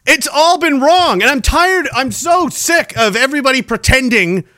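Angry high-voiced man ranting. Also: expressive, normal speed, pushed and bright, no room sound, studio quality. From Canada. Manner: angry, profane, sarcastic ranting. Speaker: podcast host. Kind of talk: ranting solo podcast.

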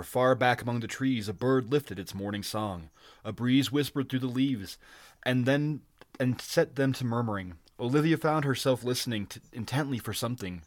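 Male story reader, mid pitch, dry close mic, amateur reading. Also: dry recording. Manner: even reading with stumbles and restarts.

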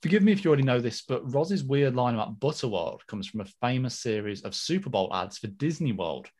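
A man co-hosting a podcast, reading listener mail in lively, casual chat. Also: medium pitch, fairly quick. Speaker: podcast co-host.

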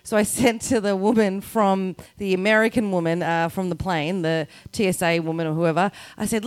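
A woman's voice: medium pitch, steady tone, moderate pace, few pauses, clean tone, no room sound. A woman telling a story on a comedy podcast, swearing and laughing as she acts out the voices in it. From Australia. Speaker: guest comedian. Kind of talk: casual storytelling chat.

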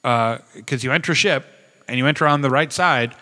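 A man with a bright, forceful voice tells stories in a casual chat. He swears freely and acts out other people's lines with animated energy. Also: medium pitch, a little fast. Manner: profane, animated storytelling. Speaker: podcast co-host.

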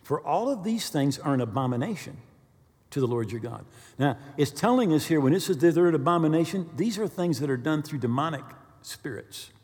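A male pastor preaching a sermon, telling stories with animated bursts of quick speech. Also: on the high side, in a large hall. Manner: animated storyteller, speeds up when excited.

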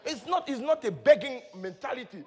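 A man preaching a sermon, moving between quiet teaching and shouted praise, often chuckling as he speaks. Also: very high voice, animated, fairly quick. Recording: long hall reverb.

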